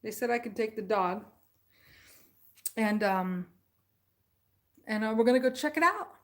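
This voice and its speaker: A woman's voice: a little high, animated, a little slow. A middle-aged woman hosting a live stream, telling a rambling story in casual chat and laughing often.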